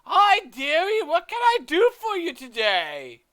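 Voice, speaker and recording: A man's voice: very high-pitched, wildly swooping pitch, measured pace, bright, forceful tone, voice pushed up, full character voice. A man voicing a forgetful, sly old woman shopkeeper who calls customers dearie, in a tabletop role-play. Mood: bright greeting.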